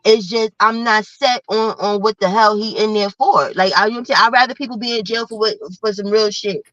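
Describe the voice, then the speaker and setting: A woman's voice: mid-range voice, fairly even intonation, fairly quick, fairly bright tone, dry recording, muffled recording. A woman co-hosting a casual live-stream chat, rambling in slang and often asking "you know what I'm saying". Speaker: co-host.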